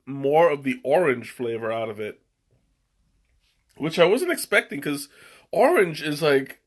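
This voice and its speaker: A man hosting a casual live stream over tea, rambling and chuckling, often trailing off mid-sentence. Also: medium pitch. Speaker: livestream host tasting tea. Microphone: webcam.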